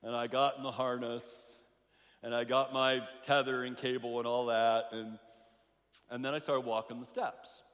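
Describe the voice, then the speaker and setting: Animated male pastor in a reverberant hall. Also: medium pitch, moderate pace. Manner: animated storyteller, acts out voices, many restarts. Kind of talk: sermon with storytelling.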